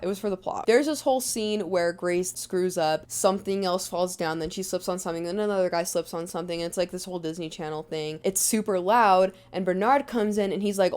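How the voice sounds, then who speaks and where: A young woman recapping a film in a chatty, sarcastic way, with quick asides. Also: mid-range voice. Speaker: movie recap vlogger. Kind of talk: casual movie recap.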